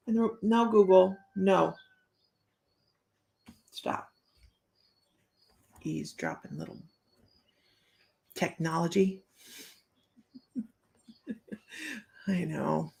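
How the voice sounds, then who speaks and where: A woman's voice with a gravelly, fry-edged texture, doing a psychic reading on a casual live stream. She talks in a loose, rambling way and laughs often between thoughts. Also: medium pitch, very animated, unhurried, pauses often. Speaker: psychic medium.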